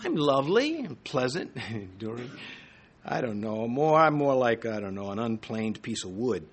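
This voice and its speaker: A middle-aged man preaching a sermon, animated, with jokes and asides. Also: mid-range voice, normal speed, breathy edge. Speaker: pastor.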